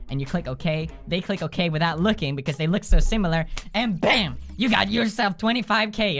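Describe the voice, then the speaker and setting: Profane, laughing young man telling stories. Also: a little high. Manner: profane, animated, laughing through anecdotes. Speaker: gaming video host. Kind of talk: casual comedic storytelling.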